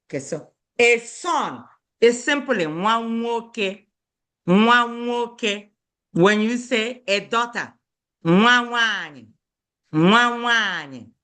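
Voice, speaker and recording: A woman's voice: mid-range voice, fairly bright tone. A woman teaching a beginner language lesson, repeating each word and checking in with "okay?".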